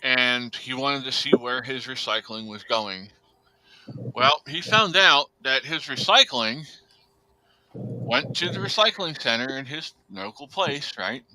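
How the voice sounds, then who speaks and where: A man's voice: mid-range voice, animated, unhurried, sharp tone, rough recording. A man hosting a casual podcast chat, rambling with lots of fillers and speaking bluntly. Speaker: podcast host.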